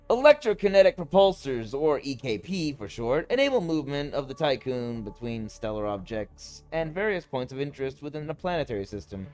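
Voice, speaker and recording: A man streaming a city-building game, talking casually and mocking the characters and game mechanics in an animated, sarcastic way. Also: mid-range voice. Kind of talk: casual let's-play commentary.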